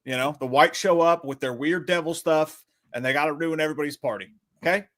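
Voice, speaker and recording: Excitable, joking man co-host. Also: fairly high pitch, brisk. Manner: excitable, joking, crude banter. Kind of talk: casual movie chat.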